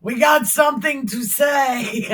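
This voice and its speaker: A woman's voice: high-pitched, slow, a bit bright. A woman retelling Bible stories in an irreverent, joking way, often laughing and exclaiming. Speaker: Bible storyteller.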